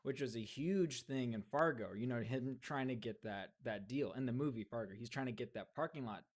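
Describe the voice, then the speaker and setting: A man's voice: mid-range voice, a little fast. A man co-hosting a podcast, talking enthusiastically about favorite details of a TV show. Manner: enthusiastic, quotes scenes in character. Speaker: podcast co-host. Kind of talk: casual chat.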